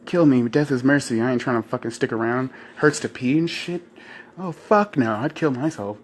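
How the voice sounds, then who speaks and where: A man's voice: medium pitch, normal speed, slight background noise. A young man ranting casually to the camera about his life. He rambles, swears a lot, laughs often and acts out what other people say in put-on voices. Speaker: vlogger.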